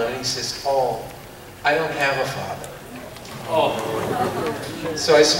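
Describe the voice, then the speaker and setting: Man telling stories at a convention panel in a booming hall. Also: a little fast. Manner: animated, laughing anecdotes. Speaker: voice actor panelist. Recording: echoey hall from far off, faint noise.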